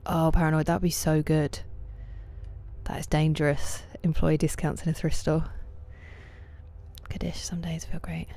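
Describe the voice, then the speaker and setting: This night-time streamer chats casually with her viewers while gaming at home, answering their comments and greeting them by name, her low voice frequently dropping to a soft half-whisper. She keeps a measured pace with long pauses, her mellow, relaxed tone held close by the mic.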